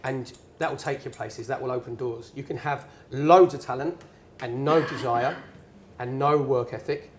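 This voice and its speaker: A man's voice: medium pitch, normal speed, a little hiss or hum. A man in his forties, a former footballer as guest, telling stories in an earnest, emphatic way with many restarts. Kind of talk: storytelling in a conversation.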